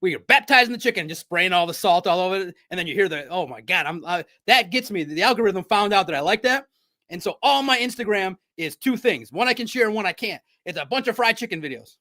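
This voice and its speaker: Animated high-voiced man talking sports. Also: quick pace. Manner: animated, jokey riffs with sudden loud bursts. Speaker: sports show host. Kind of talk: casual sports commentary.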